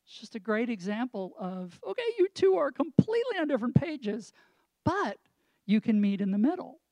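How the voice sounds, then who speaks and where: Mellow-voiced man explaining with examples. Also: very high-pitched, big pitch swings, normal speed, no echo. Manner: reflective, explains with examples and rhetorical questions. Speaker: co-host and marriage counselor. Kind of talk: casual chat with a pastoral tone.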